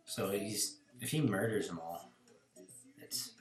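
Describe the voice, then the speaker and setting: Man, casual podcast chat, swearing and laughing, low voice. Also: takes it slowly, roomy sound. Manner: laughing, swearing, loose storytelling. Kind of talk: casual chat, telling jokes.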